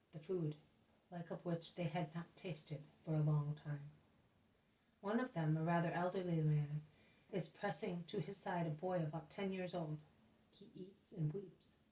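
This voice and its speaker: A woman narrating a religious book as an audiobook, in a steady, plain reading manner. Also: fairly low pitch, measured pace. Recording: echoey room, voice off-mic.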